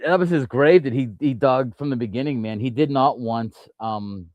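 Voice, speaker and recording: A man's voice: medium pitch, moderate pace, darkish tone, no room sound, highs cut off. A man hosting a casual sports talk show, rambling through his points with frequent restarts and fillers. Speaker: podcast host.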